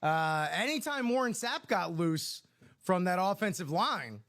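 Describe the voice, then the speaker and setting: Male stream co-host, high voice, lively banter, quick jokes. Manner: jokey, chimes in with quips.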